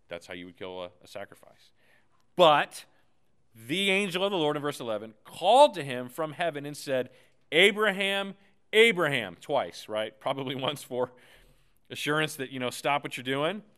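A man's voice: mid-range voice, a bit bright, clear, resonant tone. A pastor in his thirties preaching a sermon, telling a personal story in an earnest, emphatic way.

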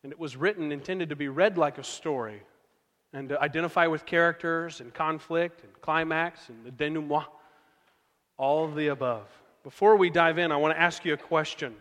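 A man's voice: fairly high pitch, moderate pace, a bit bright. Man, pastor, conversational storytelling sermon, long hall reverb. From Oklahoma.

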